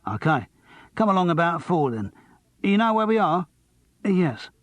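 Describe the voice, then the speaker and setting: A man's voice: high-pitched, very animated, a little slow, no echo, voice pushed up. A man voicing a tough male talent agent with a Cockney accent, curt and businesslike.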